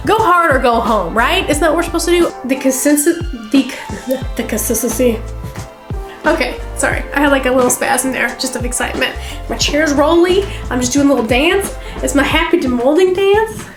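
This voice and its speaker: A woman's voice: high-pitched, lively intonation, brisk, reverberant, music in the background. A woman vlogging a resin craft tutorial in her home craft room, chatty and playful, full of rambling asides. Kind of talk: casual crafting tutorial chat.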